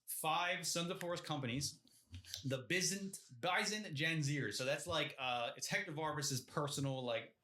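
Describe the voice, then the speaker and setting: A man's voice: a little high, moderate pace, pushed and bright, a little hiss or hum. A man co-hosting a podcast, chatting casually about a book in a rambling way, often asking "you know what I mean?". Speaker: podcast co-host. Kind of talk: casual book discussion chat.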